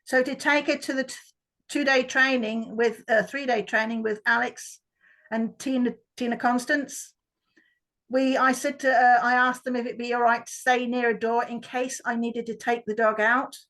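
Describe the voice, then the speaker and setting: A woman's voice: fairly high pitch, level tone, normal speed, a bit bright, rough recording. A woman, a workshop participant, chattily telling a story about her dog on a video call. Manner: chatty, with restarts.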